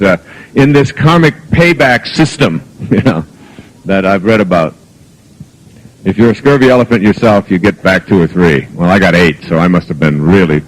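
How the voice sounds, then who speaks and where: A man's voice: mid-range voice, rough recording. Middle-aged man telling funny stories. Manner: humorous anecdotal storytelling. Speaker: motivational speaker. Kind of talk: live lecture to an audience.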